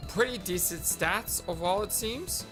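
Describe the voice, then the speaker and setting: A man's voice: high voice, moderate pace. A man hosting a let's play, giving upbeat, chatty gameplay commentary and laughing easily. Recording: loud game music behind.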